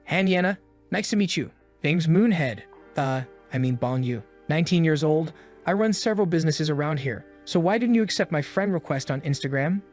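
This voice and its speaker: A man's voice: a little high, expressive, fairly quick, a little mellow, soft background music, close to an everyday voice. A man voicing a creepy, pushy nineteen-year-old gang boss, in a recap story. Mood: smarmy.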